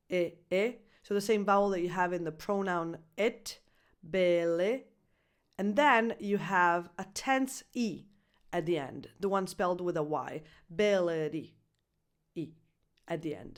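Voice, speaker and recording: A woman whose first language is Italian, teaching English pronunciation in a video lesson. She speaks clearly and deliberately, slowing down to model sounds and spell out letters. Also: mid-range voice.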